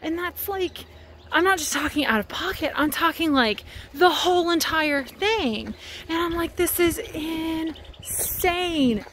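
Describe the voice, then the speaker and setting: A woman's voice: very high voice, expressive, normal speed, pushed and bright, a little hiss or hum. A woman walking outside while vlogging into her phone, talking in a rambling, heated, casual way with lots of fillers. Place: outdoors, walking.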